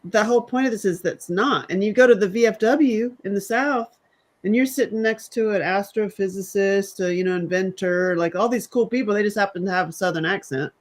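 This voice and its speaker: A man's voice: high-pitched, a little fast. A man from the American South tells stories in a casual chat. He brings each story to life by acting out what other people said. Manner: animated storyteller, acts out quotes.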